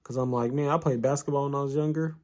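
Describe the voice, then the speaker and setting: A man at a middling pitch talks through an anime story in a loose, casual way. His speech is slangy and full of fillers and asides. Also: fairly even intonation, fast talker, a little mellow. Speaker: anime recap host.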